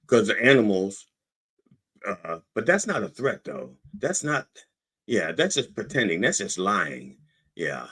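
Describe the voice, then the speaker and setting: A man hosting a podcast in a casual, digressive monologue. His voice is low and husky. It rises and falls widely while he rambles and interrupts himself. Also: a bit bright. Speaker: podcast host.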